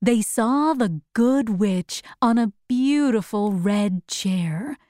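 A woman reads a storybook aloud very slowly and clearly. Her pitch is fairly high and moves a lot, which makes her reading expressive. The recording is dry and close. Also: dry recording.

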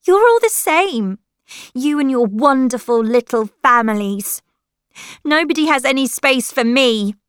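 Woman doing a high, upset young girl. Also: big pitch swings, unhurried, no echo, studio quality. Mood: angry. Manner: high, emotional, pleading then shouting. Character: upset young girl meeting her grandfather.

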